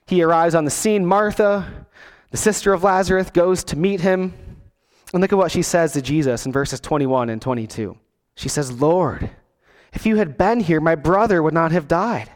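A man preaching a sermon to his congregation, expressive and acting out the quoted lines. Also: high voice, long reverb tail. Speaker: pastor.

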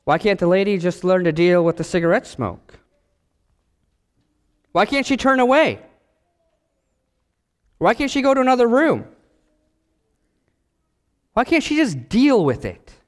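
A male pastor delivers a sermon in a high, highly lively voice, swooping up and down as he acts out quoted voices. His words ring out with a long church-hall reverb. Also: unhurried, pauses often.

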